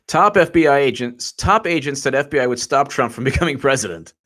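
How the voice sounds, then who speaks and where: Guy ranting on a livestream, sarcastic and rambling, average pitch, mocks people in silly voices. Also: animated, brisk, a bit bright. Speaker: political commentator. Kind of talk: livestreamed commentary.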